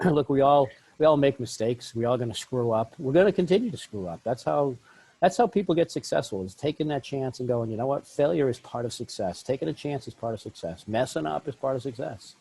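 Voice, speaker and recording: A man hosting a podcast interview in casual chat, effusive and quick to laugh. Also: mid-range voice, lively intonation, gravelly, mellow, slightly rough, poor audio. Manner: effusive, laughs often, talks in bursts. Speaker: podcast host.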